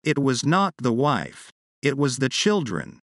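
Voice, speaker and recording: Guy doing a desperate ashamed prisoner, emotional, slow. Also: mid-range voice, very animated, fairly bright tone, dry recording, clean studio sound. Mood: anguished. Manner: pleading, emotional.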